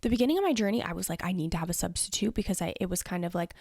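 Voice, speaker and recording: A woman's voice: lowish voice, animated, very fast, creaky, a little mellow, dry recording. A young woman hosting a podcast, answering listener questions in a casual, earnest solo chat full of "like" and "you know". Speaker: podcast host.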